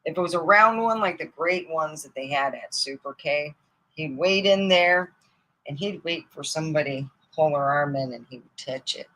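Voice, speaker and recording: A middle-aged woman from Michigan spins loose comic stories in a bright, forceful voice. She rambles from one tale to the next, jumping from loud bursts down to low mutters, and laughs at her own jokes. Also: moderate pace, poor audio. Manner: animated, rambling, swings between loud outbursts and mutters. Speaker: comedy storyteller. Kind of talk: casual comic storytelling.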